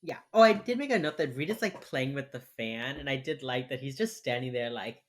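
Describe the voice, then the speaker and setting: A woman's voice: very deep voice, lively intonation. A woman co-hosting a podcast, recapping a TV episode in rambling casual chat full of fillers. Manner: rambling, filler-heavy, with quick mocking impressions. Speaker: podcast co-host.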